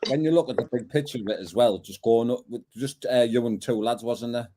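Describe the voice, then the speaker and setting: A man, the interviewer in a casual live-stream chat, asking relaxed, prompting questions. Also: medium pitch, a little fast.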